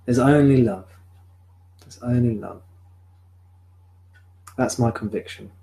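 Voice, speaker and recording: Male spiritual teacher, calm and reflective, live-streamed home satsang, close sensitive desk mic. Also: mid-range voice, vocal fry, rough recording. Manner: calm, reflective, answers viewer questions slowly. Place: home room. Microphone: sensitive desk microphone.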